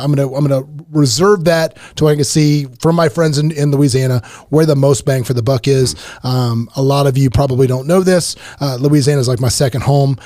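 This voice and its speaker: A middle-aged man hosting a casual podcast, animated and emphatic, often repeating himself. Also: mid-range voice, no room sound, clean studio sound. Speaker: podcast host. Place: podcast studio.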